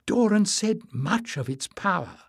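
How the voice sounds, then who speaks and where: An excitable young man bursts with eager, breathless enthusiasm, his voice pitched high and bright, as a male narrator puts him on. The reading is close and dry, with no room sound. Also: unhurried, breathy edge, no echo, heavily acted. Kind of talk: audiobook character reading.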